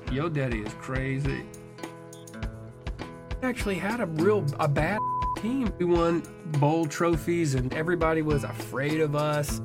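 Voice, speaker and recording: A man telling a personal story in a wry, self-deprecating, conversational way, full of casual fillers. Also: a little high. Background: music score.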